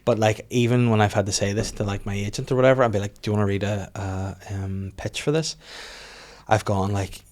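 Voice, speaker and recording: A man hosting a comedy podcast in casual chat. His voice sits a little low. He rambles through his stories with frequent restarts and plays out the quotes. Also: flat delivery, a little fast, darkish tone.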